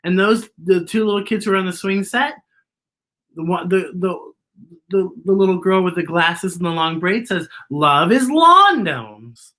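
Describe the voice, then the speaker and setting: A woman reading a picture book aloud to children, animated and pointing out the illustrations. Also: lowish voice, normal speed. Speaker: children's storyteller.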